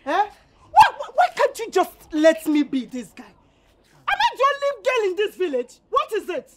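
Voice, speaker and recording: A woman's voice: very high-pitched, wildly swooping pitch, moderate pace, heavily acted. An actress playing a fiery young village woman with a Nigerian accent who scolds and insults a man. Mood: angry. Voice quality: sharp, scolding. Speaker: actor.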